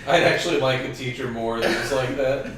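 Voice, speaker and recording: A man co-hosting a movie review podcast, chatting casually with crude, deadpan jokes. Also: mid-range voice, a little fast, very echoey, recorded from a distance. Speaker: podcast co-host.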